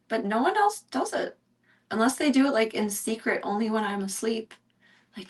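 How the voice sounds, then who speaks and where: A woman streamer chatting casually at home in a rambling, easygoing way. She often drops into soft cooing as she talks to her pets. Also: fairly high pitch, expressive, normal speed, breathy edge. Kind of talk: casual chat.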